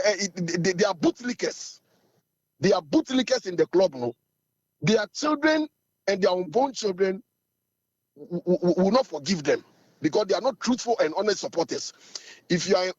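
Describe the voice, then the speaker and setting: A Ghanaian man with a hoarse voice, the chairman of a supporters' group, talking in an assertive, fiery way in an interview. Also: sits high, no echo, muffled recording.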